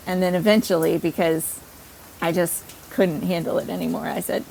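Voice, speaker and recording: A woman podcast host telling a personal story in an animated, self-deprecating way. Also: lowish voice, normal speed, vocal fry, a little hiss or hum, poor audio.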